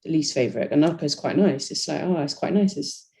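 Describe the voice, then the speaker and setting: A woman's voice: low-pitched, fast talker, dark tone. A young woman chatting casually as a podcast guest, talking about her bodybuilding training with lots of "you know" fillers. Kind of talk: casual chat.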